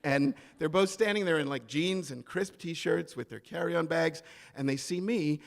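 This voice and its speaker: A man telling a story on stage at a live event, animated and comic, acting out the people in it. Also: fairly high pitch, normal speed, creaky, in a large hall. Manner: animated, comic, acts out quoted voices.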